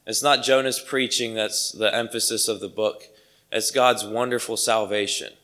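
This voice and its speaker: A man's voice: fairly low pitch, fairly even intonation, moderate pace, bright, forceful tone. A man preaching a sermon to his congregation, earnest and emphatic, repeating key phrases for weight.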